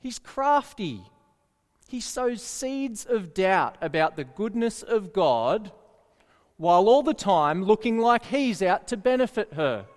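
Slow, lively-voiced male preacher. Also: high voice. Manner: earnest, asks the listeners questions. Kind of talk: sermon. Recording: echoey hall reverb.

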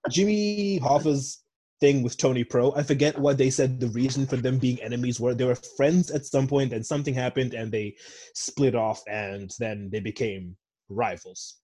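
Rambling young man, husky voice. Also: medium pitch, moderate pace, warm tone. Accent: American. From Zimbabwe. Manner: rambling, digressive, self-correcting. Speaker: podcast co-host. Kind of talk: casual chat.

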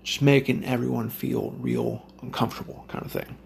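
A man recounts a story in a loose, profanity-laden ramble, circling back and restarting his sentences. His voice sits at an everyday pitch but carries a deep, crackly fry throughout. A faint hiss of noise sits under the recording. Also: sing-song, moderate pace. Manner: heavy swearing, rambling with restarts. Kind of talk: casual storytelling.

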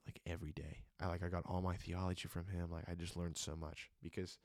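A man's voice: sits low, no echo, clean studio sound. A young man hosting a solo podcast, telling a personal testimony in an earnest, emotional way with many fillers. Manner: earnest and emotional, many fillers, jokes then turns reflective. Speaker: podcast host.

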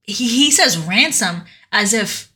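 A woman co-hosting a casual podcast, retelling a story in an animated way with lots of fillers. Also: medium pitch, takes it slowly. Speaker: podcast co-host. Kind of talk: casual chat.

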